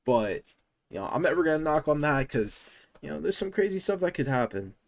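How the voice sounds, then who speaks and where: A man casually telling a storytime, slangy and emphatic, with loud exasperated outbursts. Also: on the high side, sing-song, fairly quick, vocal fry.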